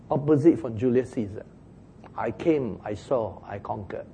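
A man preaching a sermon in an animated way, chuckling as he talks and acting out the lines he quotes. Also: mid-range voice, measured pace, gravelly, pauses often, slightly rough. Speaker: pastor.

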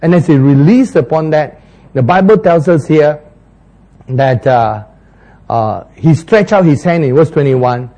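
A man's voice: fairly high pitch, expressive, unhurried, warm tone. A man preaching a sermon, laughing often and acting out biblical dialogue with sudden jumps in his voice.

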